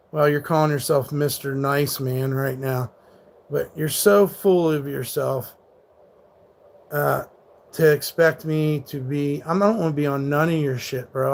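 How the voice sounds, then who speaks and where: A man in his thirties streams live, answering his chat in a fairly high voice. He talks back hard at trolls, swearing freely and sounding combative. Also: vocal fry. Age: 30s. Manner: combative, profane, rants back at hecklers. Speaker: livestreamer.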